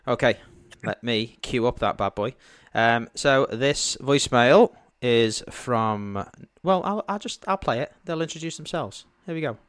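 A man co-hosting a comedy podcast, talking loosely and cracking crude jokes. His voice sits at an ordinary pitch and sounds dry and close, with no room around it. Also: animated, a little slow, few pauses, a bit bright, clean tone, no echo. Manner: joking, laughs often, crude humor. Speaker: podcast co-host. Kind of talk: casual comedy podcast chat.

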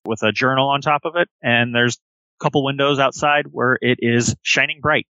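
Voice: mid-range voice, fairly even intonation, moderate pace, bright, forceful tone, dry recording, lo-fi sound. A game master narrating a tabletop role-play game, describing scenes and often breaking into laughter.

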